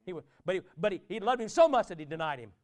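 A man's voice: high voice, expressive, very fast. A man preaching a conversational sermon in a church, often asking his listeners questions. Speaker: pastor.

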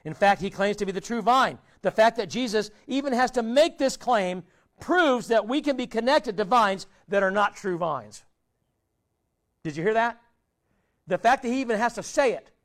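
A man pastor delivering a sermon, pleading and rhetorical, swinging between loud appeals and hushed quiet asides. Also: high-pitched.

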